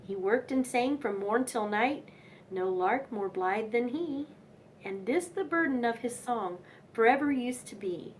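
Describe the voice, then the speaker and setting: A woman's voice: on the high side, lively intonation, unhurried, a little hiss or hum. A young woman reading nursery rhymes aloud in a sing-song manner, with chatty asides between poems.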